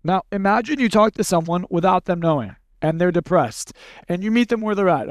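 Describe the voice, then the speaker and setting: A man leading a live seminar workshop, talking bluntly and casually, running demonstrations with volunteers and slipping into quick acted snippets. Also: high voice, lively intonation, no room sound, studio quality. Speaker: seminar speaker.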